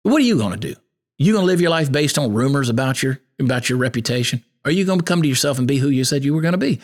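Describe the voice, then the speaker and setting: A man hosts a podcast in a folksy, sermon-like monologue. His pitch swings widely as he drives home his points, rising and falling with earnest conviction. His delivery is plainspoken and preacherly. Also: lively intonation, rapid-fire. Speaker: podcast host.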